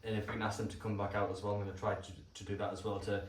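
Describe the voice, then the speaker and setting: Man, councillor, earnest, repetitive, quick monotone, echoey distant room sound. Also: lowish voice. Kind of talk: council meeting report. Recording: echoey room, distant mic, faint noise.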